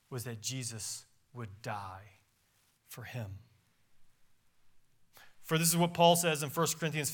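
In a church sanctuary, a pastor with a mid-range, slightly bright voice preaches a sermon. He reads scripture aloud, his voice rising and dropping emphatically.

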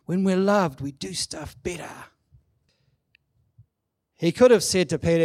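A man preaching a sermon, emphatic and animated, acting out quoted lines. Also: high-pitched, a little slow, pauses often, no echo. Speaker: pastor.

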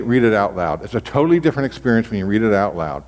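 A man's voice: fairly low pitch, sing-song, very fast, few pauses, a little mellow. A man teaching as a pastor in a conversational sermon style, often restarting and repeating his phrases. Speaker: pastor teaching on devotional reading. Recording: long reverb of a large hall.

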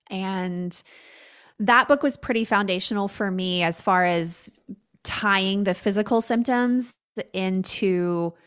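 A woman's voice: mid-range voice, smooth. A woman speaking as a podcast guest in casual chat, candid and blunt, with lots of fillers.

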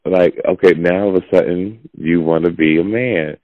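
A man hosting a podcast speaks casually, pushing his opinions in a blunt, preachy monologue with a low, gravelly voice. His pace is moderate, and the recording sounds dry and dull, lo-fi.

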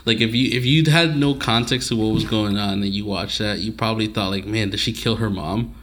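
A man co-hosting a casual podcast, reacting with relaxed, joking banter. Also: fairly low pitch, a little fast. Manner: laid-back, reactive banter. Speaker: podcast co-host. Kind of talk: casual chat.

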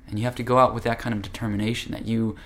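A man's voice: mid-range voice, level tone, very fast, fairly bright tone. A man teaching yoga philosophy in an earnest, conversational, direct way. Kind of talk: spiritual talk.

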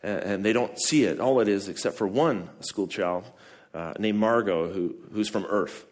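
A man preaching a sermon, emphatic and prone to repeating words and restarting, who climbs high and loud on key phrases. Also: moderate pace.

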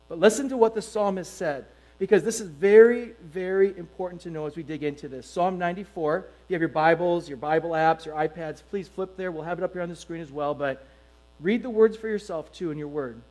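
High-voiced pastor preaching emphatically. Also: male voice, fairly quick, rough recording. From United States. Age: middle-aged. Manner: emphatic, animated preaching with rhetorical questions. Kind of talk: sermon.

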